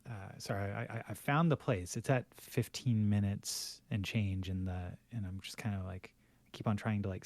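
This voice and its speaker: A man with a lowish voice talks in loose, rambling podcast chat, stacking fillers and restarts as he goes. The sound is dry and close, with no room around it. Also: gravelly, darkish tone, no room sound. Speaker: podcast co-host. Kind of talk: casual chat.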